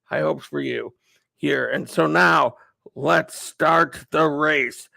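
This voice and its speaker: A man's voice: a little high, takes it slowly, gravelly, bright, forceful tone, no room sound. A man hosting a casual livestream, chatting with viewers by name and calling a mock race. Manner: chatty, greets viewers by name, thinks aloud. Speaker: livestream host.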